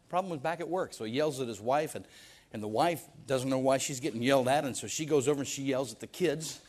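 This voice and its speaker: A man preaches a sermon in a mid-range voice at a quick pace, his tone on the dark side. He asks rhetorical questions emphatically and stammers through restarts on repeated words.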